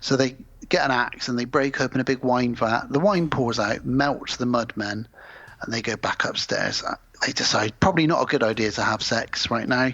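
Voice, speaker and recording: A man's voice: medium pitch, moderate pace, fairly bright tone. A man co-hosting a podcast, casually retelling a film plot with mocking asides. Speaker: podcast co-host. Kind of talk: casual film recap chat. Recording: dull lo-fi sound.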